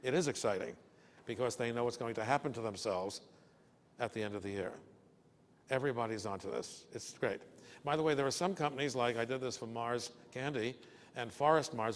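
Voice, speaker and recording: Older male keynote speaker, folksy and joking, mid-pitched voice, long hall reverb. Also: a little fast, slight background noise. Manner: folksy, joking storyteller who asks "okay?" often. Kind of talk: business lecture with anecdotes. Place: breakfast event hall.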